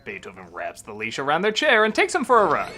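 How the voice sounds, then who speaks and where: A man's voice: a little high, wildly swooping pitch, quick pace, heavy background noise. A man reviewing a film in a comedic, sarcastic style, with jokey asides. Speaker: film critic. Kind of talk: comedic movie review narration.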